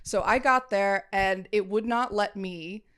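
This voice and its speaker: A young adult woman co-hosting a casual podcast, telling a story in an animated way and swearing freely. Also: medium pitch, unhurried, smooth. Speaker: podcast co-host. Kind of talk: casual chat.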